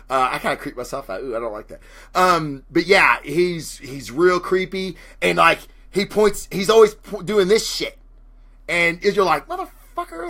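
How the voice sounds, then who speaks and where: Energetic male comics host with a forceful, bright voice, swearing freely in a loose chat. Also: fairly high pitch. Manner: excitable, profane, animated asides. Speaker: comic book podcast host. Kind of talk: casual comic review, reading chat.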